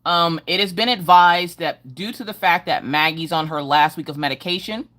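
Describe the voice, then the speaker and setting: Middle-aged lady live streaming from home, slightly low voice, bouncy sing-song hellos to chat. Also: normal speed, a bit bright. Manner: upbeat, sing-song greetings. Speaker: livestream host. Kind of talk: casual livestream chat greeting viewers.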